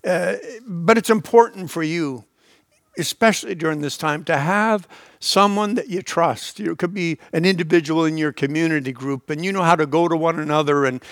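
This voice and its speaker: High-voiced earnest male preacher. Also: no room sound, studio quality. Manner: earnest, many restarts and stammered repeats; reads scripture slowly with emphasis. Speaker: pastor. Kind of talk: sermon.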